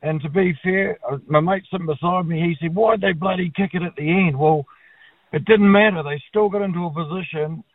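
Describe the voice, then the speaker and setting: A man's voice: high-pitched, a little fast, no room sound. A blokey New Zealand man rings in to talkback radio and gives his opinion bluntly, with casual swearing. His voice comes down a tinny, phone-like line and sounds dry, with no room around it. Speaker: caller.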